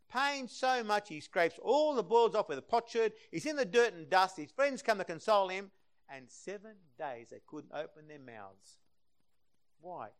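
A man preaching a sermon, swinging between loud passionate emphasis and hushed, quiet stretches. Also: on the high side.

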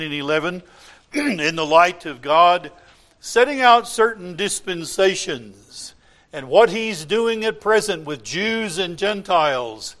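A man preaching a sermon in a church, swinging from loud impassioned cries to quiet asides. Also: on the high side. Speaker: pastor.

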